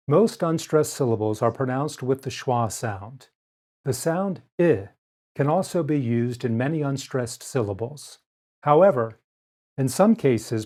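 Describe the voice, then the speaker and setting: A man gives a scripted pronunciation lesson in a mid-pitched voice. He speaks very slowly, pausing over each example word and shaping it precisely. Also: mellow. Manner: slow, careful, clearly articulated delivery. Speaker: pronunciation teacher. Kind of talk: scripted instructional narration.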